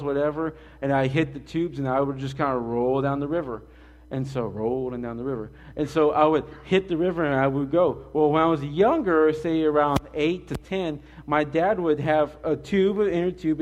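Guy giving a laid-back sermon, tells a story all animated, mid pitch. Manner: conversational preaching, animated storytelling. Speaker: pastor.

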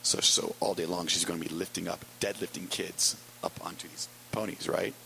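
Male pastor, low-pitched gravelly voice, casual storytelling sermon with dry humor. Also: little pitch movement, bright, forceful tone, slight background noise, rough recording. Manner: wry, storytelling with quick asides. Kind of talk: conversational sermon.

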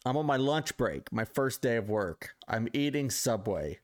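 A man co-hosting a casual podcast, introducing listener topics and telling an anecdote, with relaxed "uh" fillers. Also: medium pitch, measured pace. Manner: easygoing, with "uh" fillers and restarts. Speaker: podcast co-host. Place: live-streamed podcast studio.

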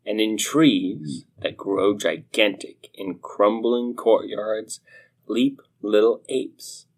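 A man co-hosting a podcast, reading a horror story aloud in a measured, deliberate way. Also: fairly low pitch. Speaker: podcast co-host, story reader. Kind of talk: slow dramatic reading of a horror tale.

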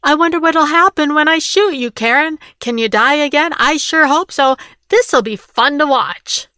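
A woman's voice: fairly high pitch, moderate pace, creaky, no echo, clean studio sound. A woman reading the lines of a scornful, violent middle-aged man in a storybook reading. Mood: gleeful. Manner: taunting, shouting insults. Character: angry violent man, father, scornful bully.

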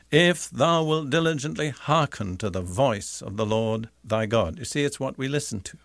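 A man preaching a sermon in a measured, deliberate way, slowing down to stress key phrases. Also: mid-range voice, creaky, a bit bright, no room sound.

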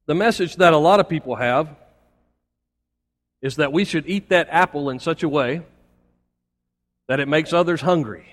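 High-voiced pastor preaching in a reverberant hall. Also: male voice, moderate pace, pauses often. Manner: preaching with rising emphasis, folksy asides. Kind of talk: sermon. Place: church sanctuary.

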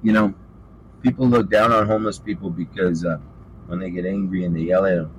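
A man's voice: low-pitched, steady tone, fairly quick, pauses often, slight background noise, low-quality recording. A man preaching an informal sermon, fervent and calling listeners out with rhetorical questions. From western United States.

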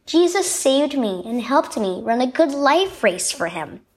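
A woman voicing a gentle, weak old grandfather in a children's story, speaking softly and calmly. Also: high voice, unhurried. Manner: soft, gentle, calm.

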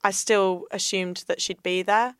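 A woman's voice: mid-range voice, fairly even intonation, measured pace, a bit bright, clean tone, no echo. A young woman, a podcast guest, telling her personal story in a candid, earnest way.

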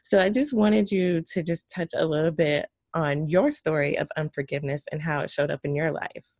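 A woman's voice: low-pitched, moderate pace, a little mellow, no room sound, studio quality. A woman hosting a podcast for moms, asking her guest long framing questions and laughing along. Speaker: podcast host. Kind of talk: interview.

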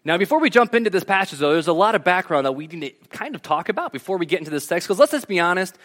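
A man preaching a casual, joking sermon, retelling scripture as a lively story. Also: high-pitched, racing. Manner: animated storytelling with jokes.

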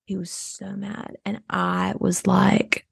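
An actress playing a self-absorbed rich suburban adoptive mom in an improvised comedy podcast, rambling and oversharing. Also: female voice, mid-range voice, flat delivery, takes it slowly, vocal fry, breathy edge, no room sound, studio quality, heavily acted. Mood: rambling, chatty.

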